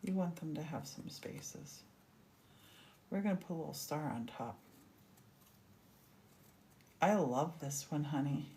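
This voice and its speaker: A woman's voice: low-pitched, measured pace, pauses often, dark tone, slight background noise. A woman hosting a casual crafting demonstration, chatty and gushing as she works. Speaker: craft host.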